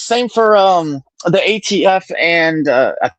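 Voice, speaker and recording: A young man with a high, tenor voice argues his case insistently, hammering the same points again and again. The sound is close and dry, with no room echo at all. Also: animated, a bit bright. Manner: rapid, insistent, repeats points. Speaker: debater on a live political stream. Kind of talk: heated political argument.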